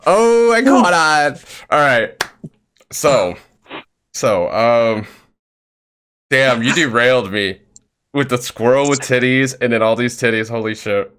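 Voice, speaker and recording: A man's voice: mid-range voice, slow pace, long pauses, a bit bright, clear, resonant tone. A man hosting a live-streamed interview, swearing freely and reading viewer donations aloud between questions. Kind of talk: casual chat.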